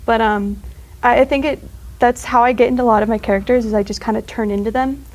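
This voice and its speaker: Fairly high yet somewhat dark and steady, a teenage girl's voice comes through a low-quality recording. As a student guest in a casual chat, she meanders with lots of fillers and brief laughs.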